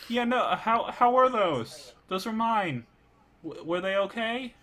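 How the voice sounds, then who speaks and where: A fretful freed skeleton, put on by a man running a tabletop game, who stumbles over his words. The voice is bright and clear, and it climbs higher whenever he gets flustered. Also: expressive, full character voice. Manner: awkward, halting, stammering. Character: chatty nervous male skeleton freed from a crypt.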